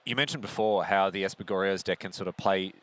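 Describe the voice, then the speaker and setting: A man doing live play-by-play commentary on a card game, conversational and lively, often turning to his co-host with questions. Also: sits low, fast talker.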